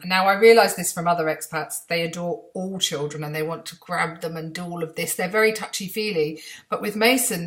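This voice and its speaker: Her voice sits on the low side and sounds a bit bright. She's a middle-aged English vlogger recounting anecdotes from her home, chatty and self-deprecating, acting out the voices of those she met as she talks to camera.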